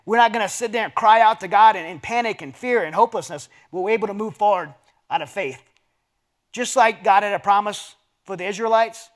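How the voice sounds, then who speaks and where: A man in his forties giving a conversational sermon as guest speaker at a men's dinner. He tells the story with earnest feeling and drops to a low, quiet voice on personal points. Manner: earnest, storytelling delivery with scripture readings.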